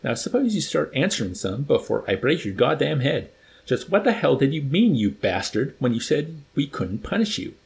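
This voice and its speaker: Man doing a bellowing army colonel, bullying, sarcastic, raised gravelly voice, storybook reading. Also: mid-range voice, sing-song, brisk, few pauses, pitched above the performer's own voice. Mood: roaring. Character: bellowing blustery middle-aged male army colonel.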